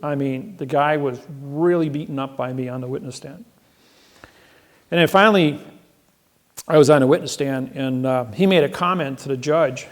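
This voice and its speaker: A man's voice: mid-range voice, normal speed. A man speaking at a seminar, telling boastful stories in a rambling way, often repeating his words. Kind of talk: seminar talk, storytelling to an audience. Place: seminar room.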